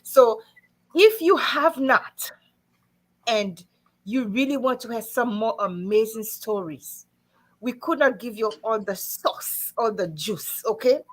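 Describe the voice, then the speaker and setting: Lively laughing woman hosting a livestream. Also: on the high side, slow pace. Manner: lively, laughs often, chatty. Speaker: online show host. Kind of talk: casual livestream chat.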